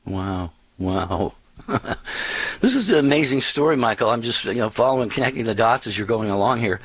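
A man hosts a faith radio talk show with a middle-pitched voice. He reflects on what the caller said. He talks at an unhurried pace and uses plenty of fillers. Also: animated, fairly bright tone, breathy edge, poor audio. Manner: thoughtful, summarizing, with fillers.

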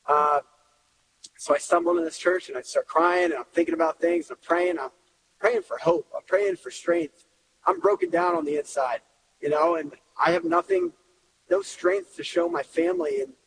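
A man's voice: very high voice, creaky. A man in his thirties, a coach, giving an earnest, emotional personal testimony. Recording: long reverb, faint hiss.

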